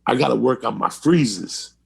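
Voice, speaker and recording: A man voicing a brash male coworker who insists in dead earnest that he must practice yelling at people to freeze. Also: medium pitch, animated, moderate pace, creaky, breathy edge, heavily acted. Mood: insistent. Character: brash adult male coworker set on robbing banks.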